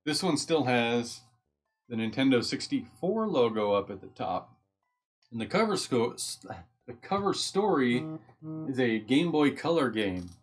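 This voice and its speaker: Male live-stream host with a mid-range voice. Casual and rambling, easily distracted, with soft music in the background. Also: mid-range voice, sing-song, unhurried. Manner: chatty, easily sidetracked, thinks aloud while reading.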